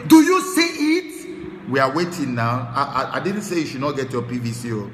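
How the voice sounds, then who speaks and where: A Nigerian man hosting a talk show, giving impassioned political commentary that swings from low muttering to shouted tirades. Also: quick pace, echoey room, long reverb tail, slight background noise. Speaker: show host.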